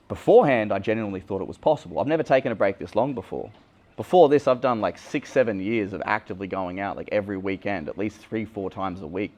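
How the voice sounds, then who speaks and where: Brief: young Australian male dating coach, candid vlog monologue, low-ish voice, blunt. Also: darkish tone. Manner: casual, blunt, swears freely.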